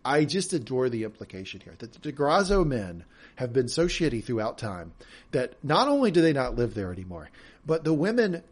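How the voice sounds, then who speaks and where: Recapping a TV episode in relaxed podcast chat, this co-host tends to repeat words when beginning sentences. He sounds animated, with a medium-pitched, slightly rough voice at a brisk pace.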